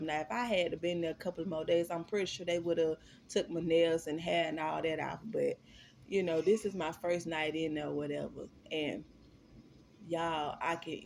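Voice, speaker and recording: A young woman with a low, gravelly voice talks straight to her viewers in a casual storytime vlog. She is candid and profane and keeps calling them y'all, with a faint hiss behind her. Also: darkish tone. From Florida.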